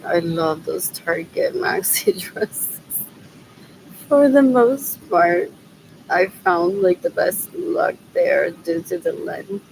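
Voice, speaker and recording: A woman's voice: fairly low pitch, vocal fry, darkish tone, a little hiss or hum, low-quality recording. A woman rambling on her own in a loose solo stream, mixing in Spanish phrases and drifting between mumbling and whispering. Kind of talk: rambling solo livestream talk.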